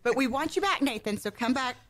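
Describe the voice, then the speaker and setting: A woman's voice: sits high, lively intonation, fast, a bit bright, slight background noise. A woman guest-hosting a local radio show, chatty and bubbly, joking about herself and laughing often. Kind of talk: casual radio chat.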